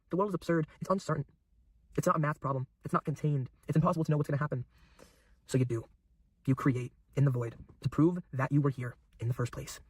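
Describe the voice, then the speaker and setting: Fast-talking intense young man preaching. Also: mid-range voice, a little mellow, dry recording. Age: young adult. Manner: intense, preachy, repeats phrases for emphasis. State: emotional. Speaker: YouTuber. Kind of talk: emotional motivational monologue.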